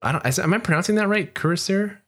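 A man co-hosting a casual chat, excitable and joking, tumbling through self-corrections. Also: high voice, fast talker. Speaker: podcast co-host.

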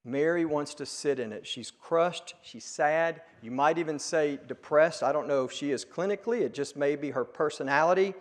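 A male pastor preaching a sermon, earnest and emphatic at peaks, then dropping to a hush. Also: on the high side, moderate pace, hardly any pauses. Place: church sanctuary. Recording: long reverb of a church hall.

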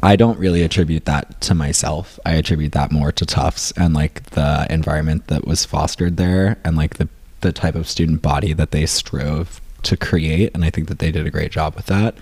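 A man's voice: rumbling low, fairly even intonation, normal speed, darkish tone, slightly rough, dry recording. A young man from rural upstate New York, chatting casually as a guest, rambling with many fillers and restarts. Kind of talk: casual chat.

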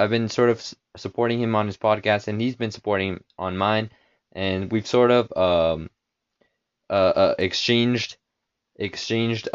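A man's voice: fairly low pitch, clean tone. A man hosting his own podcast in a casual, rambling way, full of fillers and restarts. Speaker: podcast host. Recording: dull lo-fi home recording.

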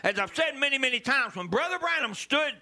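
Animated preacher with a bright voice. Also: male voice, very high-pitched, brisk. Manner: animated preaching with sudden loud emphasis. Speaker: pastor. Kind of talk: sermon.

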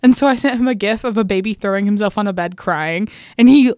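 A young woman, co-hosting a podcast, telling a story in a lively way, laughing often and acting out what people said. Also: mid-range voice, fast talker, no room sound, studio quality. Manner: animated, laughs often, acts out quotes. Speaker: podcast co-host. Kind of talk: casual chat, storytelling.

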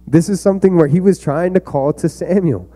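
A man's voice: a little high, brisk, warm tone. A young man giving an earnest, conversational youth sermon to a room of kids. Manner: earnest, conversational preaching with fillers. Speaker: youth pastor.

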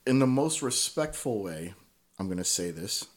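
A man's voice: lowish voice, sing-song, normal speed. Swearing, candid male podcast guest. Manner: swears freely, keeps checking in with "right?". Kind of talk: casual conversational storytelling.

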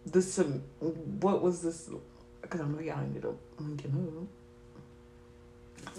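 A young woman co-hosting a podcast, loud, laughing and profane in casual chat. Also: low-pitched, steady tone, takes it slowly, gravelly, pauses often. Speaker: podcast co-host. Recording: roomy echo, faint hum.

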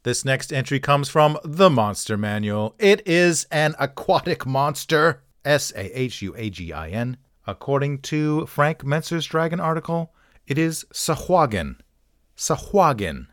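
A man's voice: a little high, expressive, unhurried, a bit bright, clean tone, dry recording, clean studio sound. A man hosting a pronunciation channel, talking casually with wry, offhand jokes and self-mocking asides. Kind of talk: casual talk-through with jokes.

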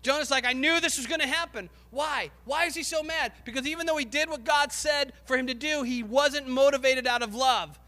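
A man preaching a sermon with passion, rising to shouts and acting out the voices of biblical figures. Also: very high voice, fairly quick, few pauses, long reverb tail.

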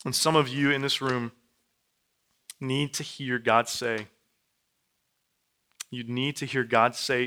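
A man in his thirties preaching a sermon in a church, repeating and building his phrases, dropping to a hush and then rising loud. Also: mid-range voice, flat delivery, slow pace, pauses often, clean tone. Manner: repetitive, building phrases, swings from hushed to loud. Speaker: pastor. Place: church sanctuary.

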